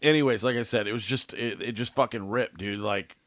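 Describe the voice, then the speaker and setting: A young man tells a rambling story, full of swearing and loose fillers. His voice sits on the low side, and the close mic keeps it dry and dead. He sounds like one half of a laid-back podcast chat. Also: a little fast, a bit bright, no echo. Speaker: podcast co-host. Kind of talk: casual chat.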